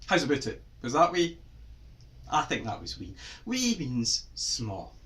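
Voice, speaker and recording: A man's voice: medium pitch, measured pace. A Scottish man giving a playful lesson on Scots words to children, quizzing them with questions. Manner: lively, quizzing kids with questions.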